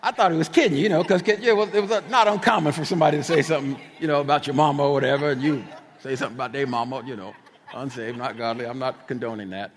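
A middle-aged man from New Jersey preaching a sermon, telling stories with lively, casual asides. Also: medium pitch, fast talker, long reverb tail. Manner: animated storytelling with casual asides.

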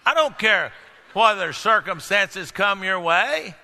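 A male pastor preaching a sermon to a congregation, calling out questions and breaking into sudden shouts. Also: high-pitched, expressive, takes it slowly. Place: church hall. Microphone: microphone. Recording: echoey hall.

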